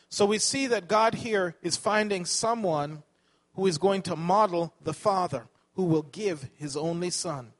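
Guy preaching a sermon, kinda high voice, keeps quizzing the crowd. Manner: asks the audience questions, corrects himself.

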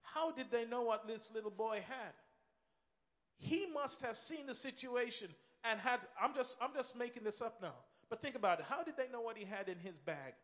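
Male preacher, high voice, emphatic sermon delivery with repeated phrases, long reverb of a big hall. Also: lively intonation, moderate pace, a bit bright.

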